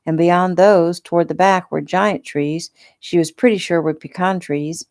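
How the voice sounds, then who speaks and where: Author narrating her own book, low-pitched woman, easygoing and unpolished. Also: measured pace. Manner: relaxed, unpolished reading. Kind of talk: casual audiobook narration.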